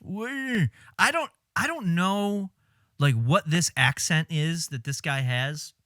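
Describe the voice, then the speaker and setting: Animated, bright-voiced man streamer. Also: a little high, slow, no echo, clean studio sound, soft background music. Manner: animated, exasperated, swearing, laughing at his own jokes. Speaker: streamer reacting to film clips. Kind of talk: casual commentary.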